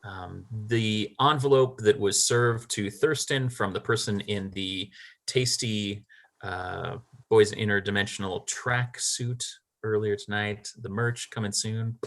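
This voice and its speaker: A man's voice: on the low side, steady tone, takes it slowly, fairly bright tone. A man narrating a tabletop game as game master, rambling with lots of fillers and small laughs.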